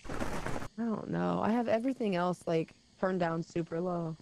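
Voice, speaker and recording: Matter-of-fact female gamer, mid pitch, noisy feed. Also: normal speed, gravelly. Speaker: gaming friend. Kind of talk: casual gaming chat. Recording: noisy mic audio.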